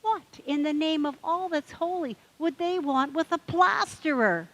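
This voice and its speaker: A woman's voice: medium pitch, sing-song, normal speed, low-quality recording. A woman voicing a dusty, curious talking male duck in a told joke, asking question after question in a raised voice. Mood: incredulous.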